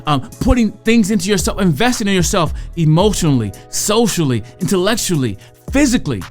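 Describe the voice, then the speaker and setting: A woman giving a motivational talk to parents and educators, conversational, slowing down to draw out key phrases. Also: on the low side, very animated, darkish tone, faint music behind.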